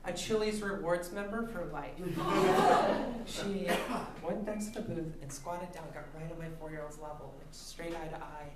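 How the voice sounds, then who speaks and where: A woman's voice: fairly low pitch, unhurried, background noise. A woman of forty doing a stand-up comedy set, ranting wryly and laughing often. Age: 40s. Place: theatre stage with live audience. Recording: roomy live theatre, loud crowd laughter.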